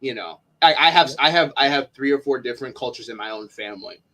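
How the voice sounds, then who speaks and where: A man's voice: mid-range voice, fast, sharp tone. A man chatting as a guest commentator, stammering and repeating words, often apologetic. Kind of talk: casual chat.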